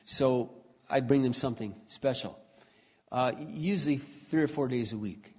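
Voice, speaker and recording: A man preaching a personal testimony in a conversational storytelling way, often clearing his throat, recorded dull in a reverberant hall. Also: medium pitch, moderate pace, a little mellow.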